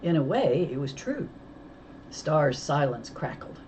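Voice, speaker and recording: Low-voiced woman reading a children's novel. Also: a little slow, slight background noise, poor audio. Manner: lively storytelling, voicing characters. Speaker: audiobook reader.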